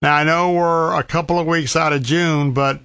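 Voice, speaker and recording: A man's voice: on the high side, steady tone, moderate pace, fairly bright tone, clear, resonant tone, no echo. A man telling an outdoor story in a folksy, casual way and giving emphatic safety warnings with repeated words. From Florida.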